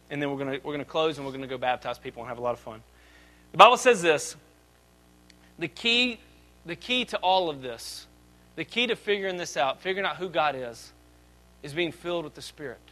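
A man in his thirties preaching a sermon as pastor, swinging between loud emphatic lines and quiet asides. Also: sits high, lively intonation, moderate pace, rough recording.

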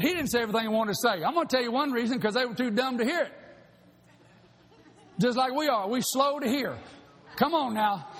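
A man preaching a sermon, shouting at times and rushing through asides. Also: very high-pitched. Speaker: pastor. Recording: long hall reverb.

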